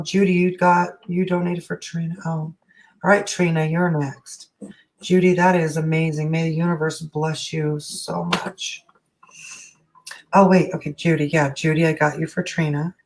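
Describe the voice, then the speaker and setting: A woman's voice: deep voice, a little mellow. A middle-aged woman leading a casual live energy-healing session, chatty and frank, with easy swearing. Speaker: energy healer.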